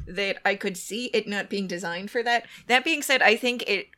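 A woman co-hosting a casual podcast chat, speaking in a measured, thoughtful way. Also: mid-range voice, bright, forceful tone. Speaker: podcast co-host.

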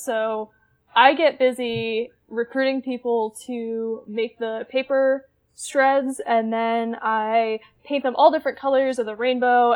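A woman's voice: a little high, rough recording. A woman playing a tabletop role-playing game, enthusiastic and rambling as she describes her plans. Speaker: player.

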